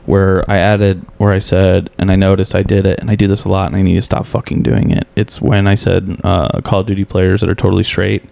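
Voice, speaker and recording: Gravelly-voiced man breaking down his set. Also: low-pitched, little pitch movement, brisk, hardly any pauses, a little mellow. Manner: candid, swearing, self-critical. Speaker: comedian guest. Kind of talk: casual chat reviewing his own set.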